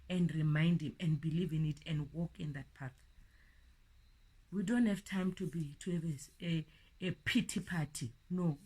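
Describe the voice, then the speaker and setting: A middle-aged woman preaching an informal sermon, earnest, often repeating words, building to emphatic peaks and then dropping soft. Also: on the low side, slightly rough.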